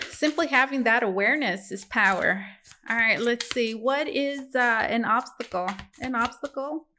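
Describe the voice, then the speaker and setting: A woman's voice: a little high, a little slow, bright, forceful tone, a little hiss or hum. A woman reading tarot cards for her viewers in a casual, musing way, talking to them as guys. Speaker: tarot reader.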